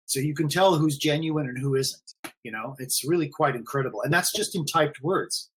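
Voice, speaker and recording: A man's voice: on the high side, moderate pace, a little hiss or hum. A man talking casually on a live stream, rambling and repeating himself with many fillers. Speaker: forum admin guest.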